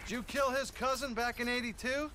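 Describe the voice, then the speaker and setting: A high, eager western writer. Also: male voice, steady tone, fairly quick, noisy background. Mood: relieved. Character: adult male western writer, nervous and eager.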